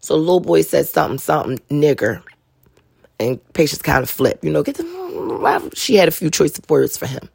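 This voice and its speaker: Low gravelly-voiced woman telling stories. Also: big pitch swings, moderate pace, a little mellow, no room sound, clean studio sound. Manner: chatty, slangy, laughs through her stories. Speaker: podcast host and mother. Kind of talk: casual storytelling monologue.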